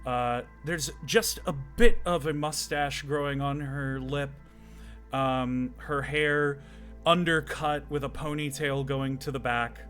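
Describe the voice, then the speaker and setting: A man's voice: mid-range voice, fairly even intonation, slow pace, fairly bright tone, soft background music. A man narrating as game master of a tabletop game, descriptive with many fillers.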